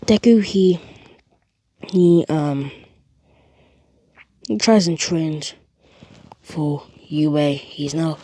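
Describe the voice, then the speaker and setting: A woman's voice: sits low, warm tone, a little hiss or hum. A woman casually retelling an improvised story, rambling along with fillers and strings of "and then.".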